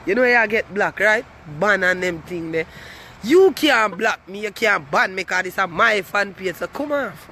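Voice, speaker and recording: Brief: Jamaican man, very high bright voice, swaggering, crude, taunting his online critics. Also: lively intonation, moderate pace, a little hiss or hum. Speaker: comic vlogger. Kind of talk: boastful comic rant to camera.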